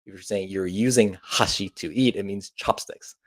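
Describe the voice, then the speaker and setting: A man's voice: low-pitched, fairly even intonation, normal speed, no echo. A man from Kyushu, teaching a casual online language lesson as a teacher in a laid-back, chatty way with joking asides. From Kyushu, Japan. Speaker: Japanese teacher.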